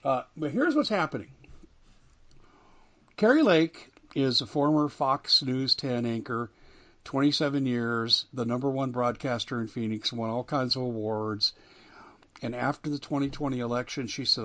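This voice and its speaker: A man's voice: mid-range voice, lively intonation, a little slow, a bit bright. A man hosting a talk radio show, delivering an emphatic monologue that rises and falls with indignation. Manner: emphatic, rising and falling with indignation.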